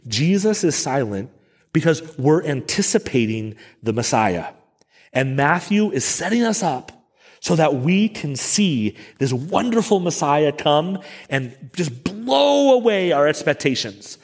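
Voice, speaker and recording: A man's voice: a little high, slightly rough. A middle-aged man preaching a Sunday sermon as pastor, conversational, with self-deprecating asides. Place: church sanctuary. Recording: long church reverb.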